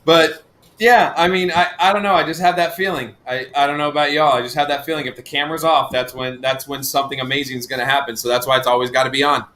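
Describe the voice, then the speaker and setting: Bright-voiced rambling man chatting. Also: medium pitch, steady tone, quick pace. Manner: rambling, full of fillers and restarts, laughs easily. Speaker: live stream co-host. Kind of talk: casual chat.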